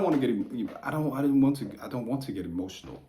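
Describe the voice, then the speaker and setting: A man teaching the occult, talking unscripted to camera in a profane, heated rant that builds to forceful outbursts. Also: medium pitch, animated, fast, few pauses.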